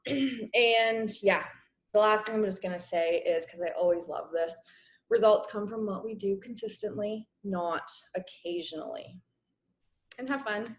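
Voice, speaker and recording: A young woman coaching her business team on a casual video call, chatty and encouraging, clearing her throat as her voice wears out. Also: mid-range voice. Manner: chatty, encouraging, many fillers. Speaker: network marketing coach.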